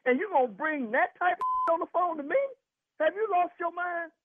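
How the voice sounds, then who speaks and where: A man's voice: extremely high pitch, normal speed, no echo. A man on a phone call who grows indignant, repeating himself and talking over the caller. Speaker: prank call target, husband. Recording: tinny phone line.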